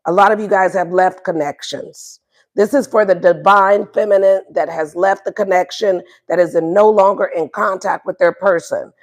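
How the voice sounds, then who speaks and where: A woman doing a casual livestream tarot reading, playful and profane, repeating her questions to the viewers. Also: medium pitch. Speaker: tarot reader.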